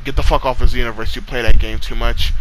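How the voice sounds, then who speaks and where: Young male vlogger, tired, profane, rambling, mid-pitched voice, clear background hiss on the recording. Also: fairly even intonation, quick pace. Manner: profane, trash-talking, rambling with many fillers. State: tired, late at night. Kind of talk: casual rambling monologue.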